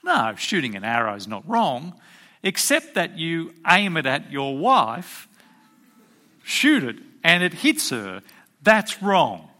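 A man's voice: fairly high pitch, wildly swooping pitch, slow, sharp tone. A man preaching a sermon as pastor, emphatic and full of rhetorical questions to his congregation.

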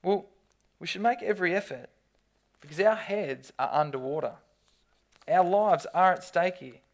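A preacher delivers a sermon in lively storytelling bursts. The words often restart and repeat as the speaker builds to a point. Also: medium pitch, moderate pace.

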